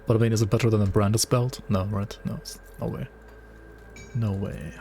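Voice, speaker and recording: A man's voice: fairly low pitch, steady tone, fairly quick, mellow, slight background noise. A man with a German accent, lightly touched by Swedish, chatting casually while playing a game, full of fillers and "right?". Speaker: gaming streamer. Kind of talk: casual gameplay commentary.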